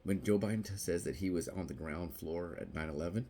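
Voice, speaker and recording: Gravelly low-voiced man ranting. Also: a little fast, background noise. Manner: mocking, jumps to shrill squeals; laughs at his own jokes. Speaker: vlogger. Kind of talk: rambling political vlog monologue.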